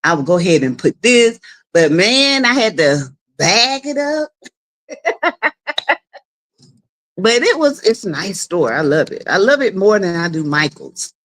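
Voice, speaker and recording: A woman's voice: medium pitch, sing-song, moderate pace, fairly bright tone. A woman hosting a casual live stream from her home, chatting with viewers, greeting them by name and laughing often. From South Carolina. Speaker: livestream host.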